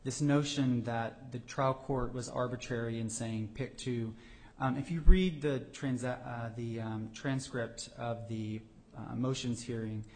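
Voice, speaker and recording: A man, a government attorney, answering judges in a courtroom oral argument, often pausing with fillers and restarting his sentences. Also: mid-range voice, fairly even intonation, a little mellow. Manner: hesitant, many fillers and restarts.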